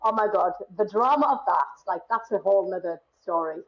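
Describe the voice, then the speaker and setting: A woman's voice: mid-range voice, expressive, a little fast, lo-fi sound. A woman in her thirties with a Northeast English accent, chatting animatedly as a podcast guest and laughing often. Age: 30s. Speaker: guest performer. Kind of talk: casual podcast chat.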